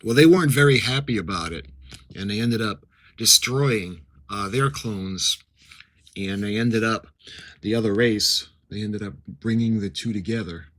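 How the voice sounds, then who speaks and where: A middle-aged man talks through an unboxing in a casual, chatty way. He reads captions aloud and adds his own asides. His voice sits a little low but comes across bright and forceful. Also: measured pace, rough recording. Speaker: model-kit unboxing vlogger.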